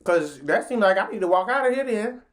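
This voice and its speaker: A woman telling a story in a casual vlog, chatty and slangy, talking straight to her viewers. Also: a little fast. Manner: animated, jumps into high pitch when acting out what people said.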